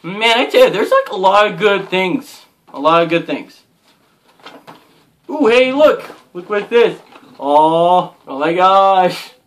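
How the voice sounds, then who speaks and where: A young man excitedly gushing as he unboxes a subscription crate, full of "oh my gosh" and filler words. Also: sits high, slow. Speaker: unboxing vlogger. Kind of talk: casual unboxing commentary.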